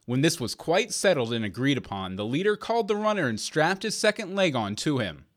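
A man narrating an old fairy tale in a measured, expressive reading. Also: on the high side. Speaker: reader. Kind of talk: storybook narration.

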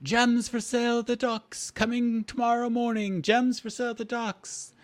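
A man doing a high, singsong dock barker. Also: flat delivery, moderate pace. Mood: hawking. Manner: calling out, singsong. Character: man working as a dockside barker.

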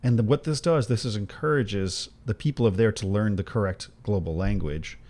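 A man co-hosting a podcast, talking in a rambling, sarcastic, animated way. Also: on the low side, moderate pace. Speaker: podcast co-host. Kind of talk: casual chat.

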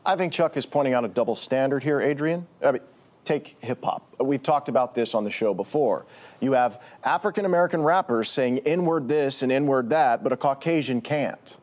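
An actor playing a smooth, pushy male host of a TV panel show in a drama. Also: medium pitch, moderate pace, darkish tone, lightly acted. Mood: needling. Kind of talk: TV drama acting.

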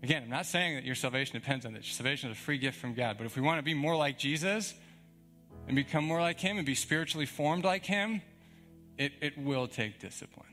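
Young male pastor, casual emphatic sermon delivery, slightly high voice, soft music bed. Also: fast talker. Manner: conversational, emphatic, frequent "like" and chuckles.

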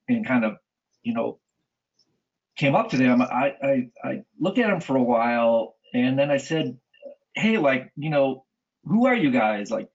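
A man's voice: mid-range voice, lo-fi sound. Enthusiastic male interview host. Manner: enthusiastic, frequent fillers like "you know" and "kind of". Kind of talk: conversational interview.

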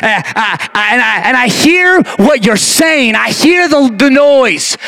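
A male pastor preaching a passionate sermon, with a repetitive, rhythmic cadence that swings from shouting down to near-whispers. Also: high-pitched, very animated, moderate pace, soft background music. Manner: repetitive, call-and-response cadence. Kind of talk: Easter Sunday sermon.

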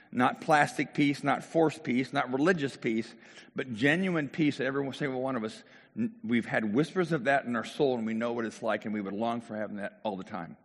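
A man's voice: medium pitch, big-room sound. A middle-aged man preaching a sermon in a conversational way, with rhetorical questions and restarts. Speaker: pastor.

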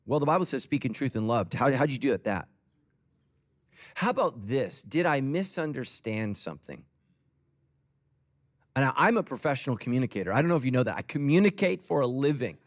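A man's voice: medium pitch, very animated, a little fast. A middle-aged man preaching a sermon as a pastor, humorous and conversational.

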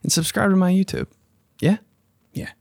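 A young man hosting a casual podcast monologue, excitable and slangy, swearing freely and often jumping into high mocking voices. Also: normal speed, gravelly, no room sound, studio quality. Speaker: podcast host.

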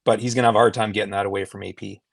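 A man's voice: lowish voice, little pitch movement, rapid-fire, gravelly, no room sound. Canadian male guest, easygoing storyteller, dry sound. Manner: storytelling, laid-back, swears casually. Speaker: podcast guest. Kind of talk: casual chat.

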